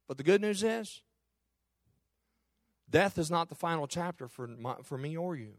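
A man's voice: on the high side, animated, moderate pace, pauses often, no room sound, studio quality. A middle-aged man, a pastor preaching a sermon with impassioned, repetitive phrasing.

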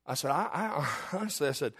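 A middle-aged man preaching from the pulpit, his pitch sitting a little high and swinging widely as he presses a point. He talks to the congregation in a candid, conversational way, firing off rhetorical questions. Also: animated, fast talker, a bit bright, husky. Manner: confessional, candid storytelling. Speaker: pastor. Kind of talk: sermon.

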